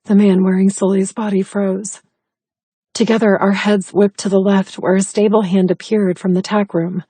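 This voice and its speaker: A woman narrating an audiobook in the first person, in an intimate, breathy storytelling manner. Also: mid-range voice, level tone, moderate pace, dark tone, no echo.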